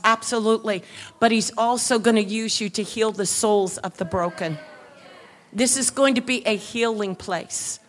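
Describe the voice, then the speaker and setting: Woman preacher, high and bright, animated storytelling building to shouts at a church service. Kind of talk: sermon.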